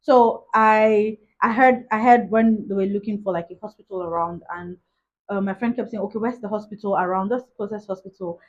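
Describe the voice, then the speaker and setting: A young woman recounts her story straight to camera, chatty and loose, leaning on "like" between thoughts. Her voice is husky and sits at a middling pitch. The recording is dull and lo-fi. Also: steady tone, a little fast, darkish tone. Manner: chatty, retells events with many "like" asides. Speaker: vlogger.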